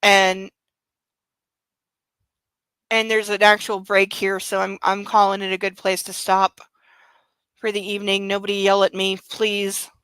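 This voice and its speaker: A woman's voice: medium pitch, monotone, unhurried, long pauses, fairly bright tone, smooth, no echo, low-quality recording. A tired woman hosting a book club show in casual chat, rambling and candid, swearing freely.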